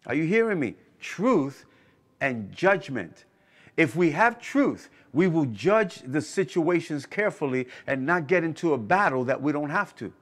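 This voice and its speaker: A man preaching a sermon with emphasis, repeating key phrases and asking the listeners whether they are hearing him. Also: fairly high pitch. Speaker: pastor.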